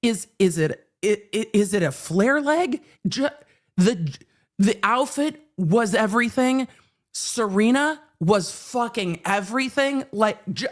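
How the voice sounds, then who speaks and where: A woman in her forties, a hoarse live-stream legal commentary host who talks in a chatty, animated way and repeats herself for emphasis. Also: on the high side, takes it slowly. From California. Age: 40s. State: hoarse, under the weather.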